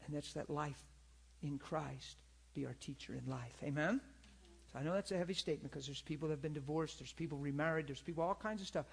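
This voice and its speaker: Husky, earnest male preacher. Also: a little high, brisk. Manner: earnest, conversational, calls for audience agreement. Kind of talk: sermon with personal story.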